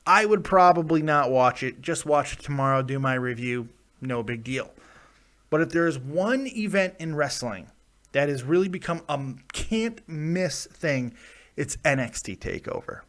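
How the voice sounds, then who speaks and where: A man hosts a casual live-stream preview with a slightly higher-than-usual pitch. He rambles, cracks jokes and talks straight to his viewers. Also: animated, unhurried, fairly bright tone. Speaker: wrestling vlogger.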